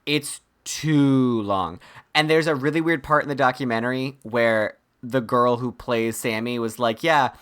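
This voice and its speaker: A man's voice: medium pitch, unhurried, clear, resonant tone. Man recapping a movie in chatty retelling. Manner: animated retelling, quotes characters in mock voices. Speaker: podcast co-host. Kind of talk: casual comedic movie recap.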